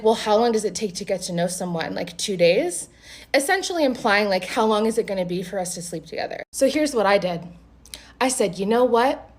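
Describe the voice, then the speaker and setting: A woman telling a first-date story to camera in a casual, animated way, swearing freely and acting out both sides of the conversation. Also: mid-range voice.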